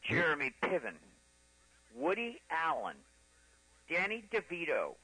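A man calling into a radio show from out of town who poses trivia in a brisk, wry way. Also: a little high, wildly swooping pitch, bright, forceful tone, breathy edge, rough recording. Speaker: radio correspondent. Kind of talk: quiz and trivia segment.

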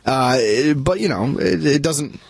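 A man's voice: a little high, expressive, slow pace, gravelly, slightly rough, dry recording. A man talking about movies on a radio show, chatty and full of restarts. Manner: talkative, many restarts and fillers. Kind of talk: casual radio chat. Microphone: studio mic.

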